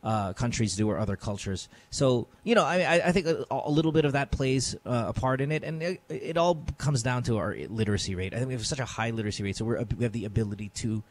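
A man's voice: mid-range voice, fast talker, few pauses. A man hosting an advice chat, playful and lecturing, slipping into Tagalog now and then. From Philippines. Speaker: advice show host.

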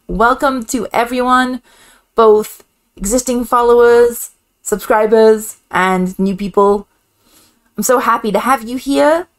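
A woman hosting a casual game reaction video, chatty and excitable, laughing often. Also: fairly high pitch. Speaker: gaming channel host.

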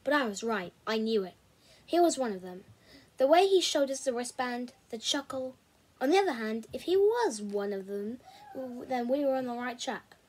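Woman reading a story, husky and high. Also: normal speed, darkish tone, rough recording. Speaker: reader.

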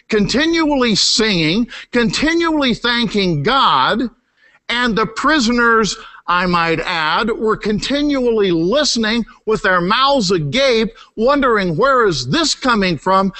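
A middle-aged man preaching a sermon, emphatic, repeating key words, climbing high for emphasis and then dropping low and quiet. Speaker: pastor. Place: church sanctuary.

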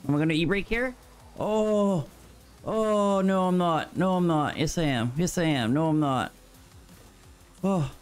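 A man giving casual, excitable, profane gameplay commentary to himself from a small room at his computer. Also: on the high side, measured pace, pauses often, clear, resonant tone, soft background music. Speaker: gamer.

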